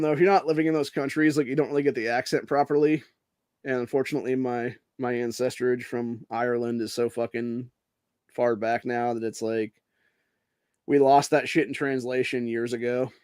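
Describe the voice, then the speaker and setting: A man's voice: medium pitch, a little mellow, clear, resonant tone, no echo, studio quality. A man from Ohio hosting a podcast, ranting with constant swearing and rambling asides full of dude and bro. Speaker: podcast host. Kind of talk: profane rant and casual monologue.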